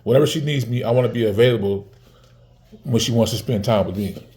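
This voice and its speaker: A man's voice: mid-range voice, quick pace, warm tone. A man in his forties talking casually to the camera, heated and profane, repeating words and restarting often. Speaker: vlogger.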